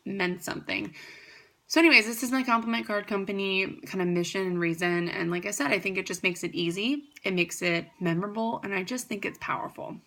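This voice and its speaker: A young woman pitching her greeting card business to the camera in a chatty, upbeat way, rambling with fillers and restarts. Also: brisk, pushed and bright. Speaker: card company founder. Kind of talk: casual product pitch to camera.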